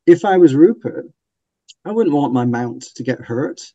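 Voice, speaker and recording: A man's voice: a little high, animated, moderate pace, mellow, no echo, lo-fi sound. A man hosting a casual book discussion, speaking enthusiastically and laughing often. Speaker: podcast host and book reviewer.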